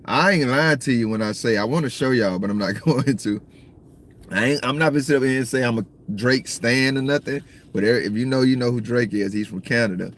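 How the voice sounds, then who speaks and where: A man from the States, rambling through a casual livestream chat, slangy and cursing freely while he shouts out viewers. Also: mid-range voice, a little fast, a little hiss or hum. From Southern United States. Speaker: livestream host. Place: in a car at times.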